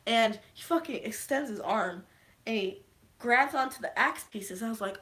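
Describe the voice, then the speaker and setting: A young woman recapping a movie on a live stream, rambling and swearing freely, with sudden excited shouts. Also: on the high side, normal speed. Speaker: vlogger.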